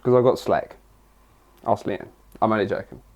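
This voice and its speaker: A man's voice: lowish voice, normal speed, vocal fry. A young English man answering viewer questions in a casual vlog, rambling and crude with lots of jokes. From England. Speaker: fitness vlogger.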